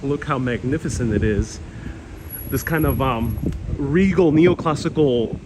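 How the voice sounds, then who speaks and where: A man's voice: mid-range voice, unhurried. A man hosting a live-streamed walking tour outdoors, talking enthusiastically and reading viewer comments aloud. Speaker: host. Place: outdoors on town streets. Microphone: handheld phone. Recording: noisy outdoor phone stream.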